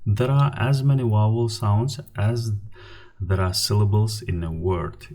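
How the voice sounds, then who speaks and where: A man teaching a language lesson from slides, patiently repeating each example word slowly. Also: lowish voice, dark tone, slightly rough.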